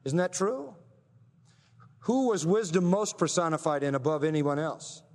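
Male preacher, pretty high voice, emphatic, keeps asking the crowd questions, long echo tail. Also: moderate pace. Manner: emphatic, asks the audience rhetorical questions. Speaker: pastor. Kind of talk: sermon.

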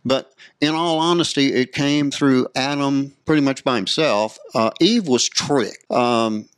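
Man, Bible study talk, very slow delivery, mid pitch, dry close sound. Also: clean tone, no room sound. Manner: slow, methodical, citing verses with frequent "uh". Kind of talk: scripture-based discussion.

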